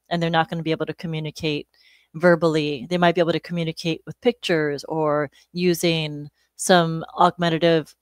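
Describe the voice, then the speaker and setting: Smooth low-voiced woman explaining calmly. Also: dry recording. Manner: calm, informative, with "you know" fillers. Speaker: speech-language pathologist guest. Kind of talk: explanatory interview talk.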